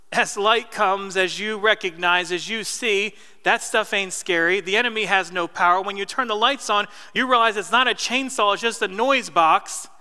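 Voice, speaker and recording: A man's voice: high voice, sharp tone, smooth. A man in his thirties from New Jersey, preaching a sermon in casual, story-driven talk with asides to the congregation. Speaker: pastor. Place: church hall. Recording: reverberant church hall.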